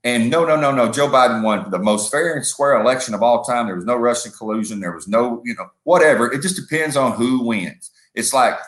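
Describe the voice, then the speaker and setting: A man's voice: mid-range voice, brisk, few pauses, fairly bright tone, reverberant. A man co-hosting a political podcast, rambling and making sports comparisons. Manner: rambling, uses football comparisons, acts out quotes. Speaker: podcast co-host. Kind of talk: casual political commentary.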